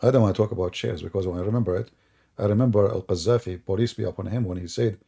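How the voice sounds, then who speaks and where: Sarcastic guy ranting on a stream, gravelly low-key voice, keeps asking mocking questions. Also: animated, quick pace, mellow. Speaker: online religious debate host. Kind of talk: mocking livestream commentary.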